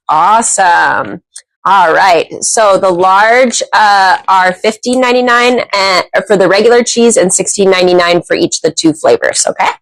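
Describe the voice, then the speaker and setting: A bubbly, excitable woman hosting a live shopping stream, chatting and cheering on the prize wheel. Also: fairly low pitch, no room sound, rough recording. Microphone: clip-on microphone.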